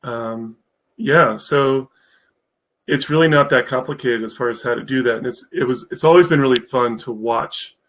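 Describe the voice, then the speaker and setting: The guest on this casual live-stream interview is a man who founded a mentorship program. He rambles enthusiastically with plenty of fillers, his mid-range, fairly bright voice at a normal speed, though the audio is poor.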